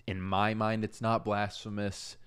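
A man's voice: lowish voice, little pitch movement, unhurried, smooth, no echo. A man co-hosting a casual live podcast chat, earnest and playful. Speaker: podcast co-host.

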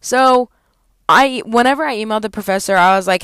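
A woman's voice: a little high, brisk, fairly bright tone, clean tone, no echo. A young adult woman, a college student, venting in a heavily profane, heated vlog rant.

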